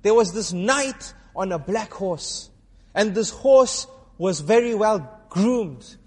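A preacher playing a sly, sheepish traveler. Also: male voice, high voice, lively intonation, slow pace, husky, heavily acted. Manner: reluctant, dramatic retelling. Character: timid, sly male traveler telling a made-up dream. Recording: long hall reverb.

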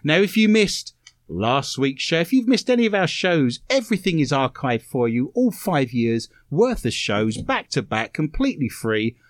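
Man, radio host, dry close studio sound, bouncy lively pitch, teasing banter. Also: moderate pace, no room sound. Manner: playful, teasing, full of innuendo. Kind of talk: comedic radio chat.

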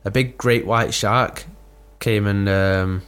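A man's voice: on the low side, fairly even intonation, slow, fairly bright tone, clean tone. A young man co-hosting a podcast, telling a story in a rambling, sweary, laughing way. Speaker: podcast co-host. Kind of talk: casual chat.

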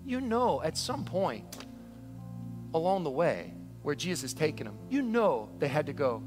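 A male pastor preaching a sermon in an animated, conversational way, often acting out stories. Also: fairly high pitch, a little slow, over music. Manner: animated, conversational, storytelling with quoted voices.

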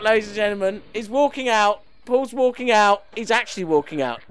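Animated, playful man, high lively voice. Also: brisk, hardly any pauses, a little hiss or hum. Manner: animated, playful, mock-pompous. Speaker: podcast co-host. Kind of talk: casual comedy chat.

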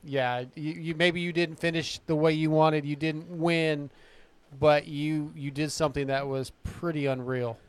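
Halting, encouraging man in his forties. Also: on the high side, fairly even intonation, clean tone, no echo. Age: 40s. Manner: halting, encouraging, many restarts. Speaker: podcast host. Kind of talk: casual interview.

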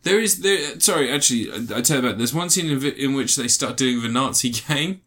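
A man's voice: medium pitch, lively intonation, fast talker, a bit bright. A young man co-hosting a podcast, rambling through a film summary with many restarts and fillers. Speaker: podcast co-host reviewing a film. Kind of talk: casual chat.

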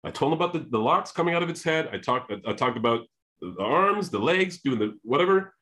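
A man telling a long personal story, animated, often restarting his sentences and acting out what people said. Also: a little high, quick pace. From Canada. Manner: animated, repeats and restarts, acts out quoted voices. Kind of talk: storytelling monologue.

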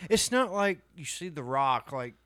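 Male co-host, high and animated, crude casual banter. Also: measured pace, no echo, studio quality. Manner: crude, loopy, swears freely. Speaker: podcast co-host.

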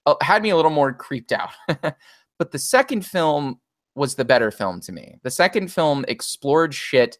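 A man's voice: on the high side, animated, moderate pace, no echo, studio quality. A man co-hosting a podcast in casual chat, analytical and thinking aloud with frequent restarts. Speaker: podcast co-host.

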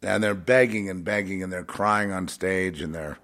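A man's voice: low-pitched, fairly even intonation, moderate pace, a bit bright. A man giving an unscripted spiritual monologue in a blunt, repetitive way with scornful asides.

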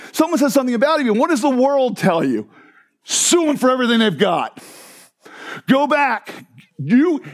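A man preaching a sermon to a crowd in a church hall, joking and asking the listeners questions. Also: very high voice. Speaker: pastor.

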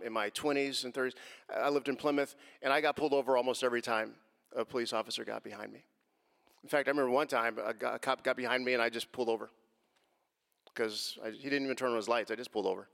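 A man's voice: mid-range voice, a bit bright, big-room sound. A man in his forties telling an interviewer about his experiences in a personal, earnest way that grows heated as he recounts confrontations. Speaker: guest.

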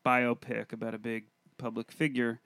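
A man improvising a comedy scene as a blunt casting director, giving notes in a dry, deadpan way. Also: medium pitch, normal speed, clear, resonant tone, no room sound. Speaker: improv performer.

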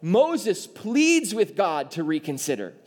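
A male pastor with a fairly high voice preaches a sermon, taking it slowly. He's animated and acts out playful voices for the characters in his story.

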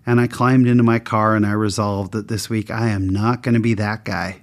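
A man's voice: level tone, moderate pace, few pauses. A man sharing a personal anecdote with a moral lesson, in a candid, conversational and self-mocking way. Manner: voices the people in his story with big pitch swings.

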